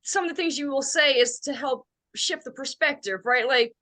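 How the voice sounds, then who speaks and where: A woman's voice: sits high, normal speed, a bit bright. A woman co-hosting a podcast in casual chat, blunt and playful, swearing casually. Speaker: podcast co-host.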